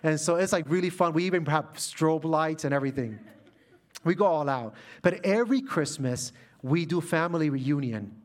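A man's voice: a little high, normal speed. Middle-aged man from Puerto Rico preaching. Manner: animated storytelling, drops soft and quiet when emotional. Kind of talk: sermon with personal story.

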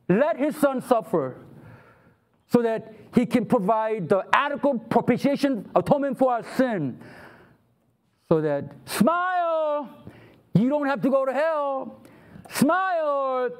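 A man's voice: extremely high pitch, very animated, slow, long pauses. A man preaching a sermon, acting out the voices of God and of people who complain to Him. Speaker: pastor.

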